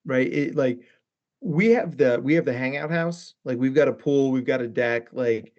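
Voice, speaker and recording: A man's voice: medium pitch, expressive, moderate pace, darkish tone, lo-fi sound. A man who is a therapist and podcast guest, chatting casually and rambling with many asides. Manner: rambling, lots of fillers and asides.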